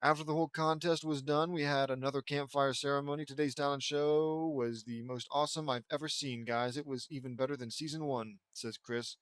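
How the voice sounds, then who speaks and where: A man's voice: on the high side, fairly even intonation, fairly quick, few pauses, smooth, no room sound. A man reading fan fiction aloud for comedy, breaking off into sarcastic, mocking asides. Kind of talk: comedic dramatic reading with commentary.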